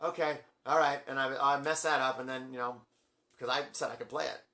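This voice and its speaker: A middle-aged man telling a long, rambling story on his video blog, acting out quotes with big jumps in his voice. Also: brisk. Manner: excitable, acts out quotes with big pitch jumps. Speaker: music vlogger.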